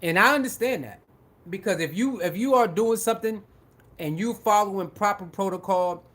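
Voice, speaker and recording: A man giving casual sports commentary, talking in an animated, repetitive way and acting out what other people say. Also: sits high, moderate pace. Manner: repetitive, animated, acts out quoted voices.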